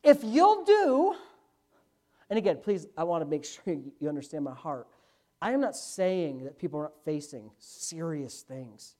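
A man preaching a sermon as pastor, emphatic, slipping from quick asides into loud, drawn-out stresses. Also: on the high side, expressive.

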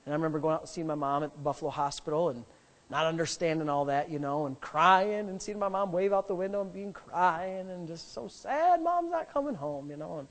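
Brief: middle-aged male pastor, high-pitched, emphatic and rambling as he tells a story from the pulpit. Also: brisk, fairly bright tone. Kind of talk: sermon storytelling.

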